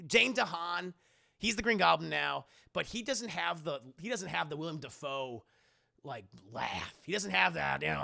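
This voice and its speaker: Young male streamer, animated, high and gravelly voice, swears a lot. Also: moderate pace. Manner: animated, profane, acts out scenes in voices. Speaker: streamer and film reviewer. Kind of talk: casual chat.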